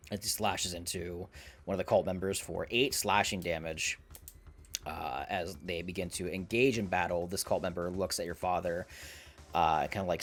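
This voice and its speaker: A man running a tabletop game as dungeon master, narrating the fight, swearing freely and laughing often. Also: deep voice.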